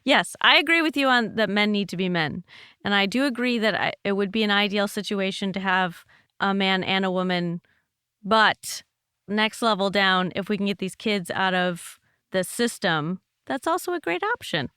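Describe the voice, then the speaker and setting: A woman's voice: medium pitch, animated, moderate pace, pushed and bright, clear, resonant tone, no room sound, clean studio sound. A woman in her forties hosting a podcast, chatting frankly and easily. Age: 40s. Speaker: podcast host. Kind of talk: casual podcast chat.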